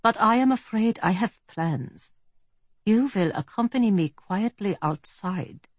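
A woman's voice: mid-range voice, animated, unhurried, darkish tone, dry recording, voice pushed up. A woman voicing a suave, menacing middle-aged German man, speaking coolly and politely with a German accent. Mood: cool menace. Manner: cool, polite, threatening.

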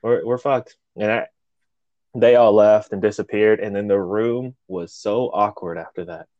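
A man's voice: on the low side, moderate pace, no room sound, muffled recording. A man co-hosting a podcast, telling a story casually and animatedly, with plenty of swearing and acted-out quotes. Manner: animated, profane, acts out quotes. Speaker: podcast co-host.

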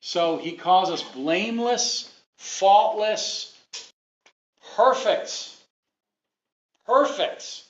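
Here a man with a high-sitting, expressive voice preaches very slowly, pausing often. He addresses his congregation emphatically, repeating his points and asking the people questions. The audio is a dull lo-fi recording.

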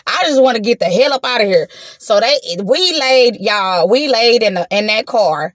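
Animated, profane woman telling a story. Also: fairly high pitch, moderate pace, dry recording, clean studio sound. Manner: animated, profane, acts out her own quotes; talks straight to the audience with slangy asides. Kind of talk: casual storytime to viewers.

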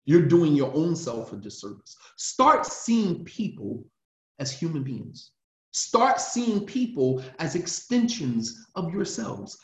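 An imam gives a religious class lecture in a slightly high, sing-song voice at a slow pace. He speaks emphatically and with passion, hammering his points home through repetition. The recording sounds roomy, dull, and lo-fi.

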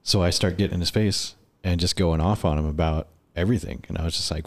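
A man's voice: low voice, fast. A man chatting casually on a podcast, telling a work story full of swearing and acted-out quotes. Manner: profane, animated storyteller acting out quotes. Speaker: podcast guest.

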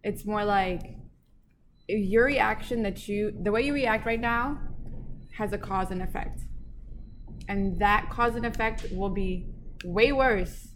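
A woman's voice: mid-range voice, slow, long pauses. Female assistant, reflective, thinks aloud, faint background noise. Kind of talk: casual discussion.

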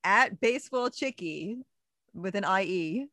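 A woman co-hosts a casual podcast. She speaks in a playful, teasing way, often laughing, with her voice at a middle pitch. The sound is dry and close. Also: expressive, unhurried, sharp tone, no room sound. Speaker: podcast co-host.

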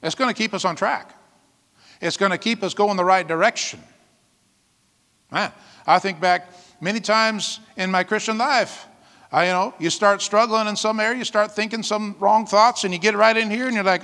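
A male pastor preaching a sermon in a lively way, often calling out "amen?" and laughing between points. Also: high-pitched, normal speed, long reverb tail.

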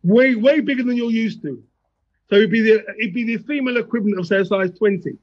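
A fairly high, husky male voice, hosting a casual group chat. He fires off blunt, teasing questions and restarts himself often. The sound is muffled and lo-fi, as on a video call. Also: fast talker. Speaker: host.

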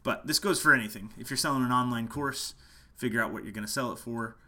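With a medium pitch and a pushed, bright sound, a man talks at a quick pace through a casual marketing lesson to camera. He's a musician teaching online marketing from home late at night, passionately reinforcing his points by repeating them.

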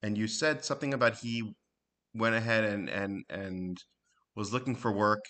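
A man asking his mother about old family stories, pausing and hedging as he goes. His voice is low and bright. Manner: hesitant, prompting with questions. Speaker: interviewer, her adult child. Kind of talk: casual conversation.

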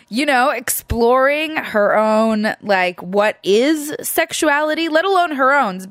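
Woman co-host reviewing films, slightly high voice, tearful and effusive, dry close sound. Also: no room sound. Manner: emotional, gushing, laughs often. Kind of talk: casual film review chat.

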